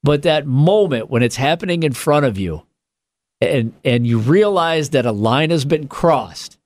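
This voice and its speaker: A man with a slightly high voice co-hosting a comedy podcast, swinging his pitch all over as he tells stories. He swears freely and jumps into quoted voices mid-sentence. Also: a little slow, no echo, studio quality. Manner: animated, profane, acts out quoted voices. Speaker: podcast co-host. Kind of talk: casual comedic chat.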